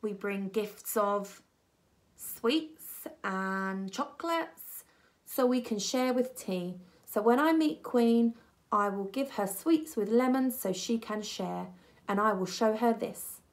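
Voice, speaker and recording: A woman voicing an earnest young refugee boy who speaks in slow, careful, broken English. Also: medium pitch.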